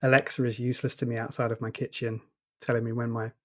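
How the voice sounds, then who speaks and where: A man with an Essex accent co-hosting a tech podcast, relaxed and chatty. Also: mid-range voice, fast talker. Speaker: podcast co-host. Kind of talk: casual tech discussion.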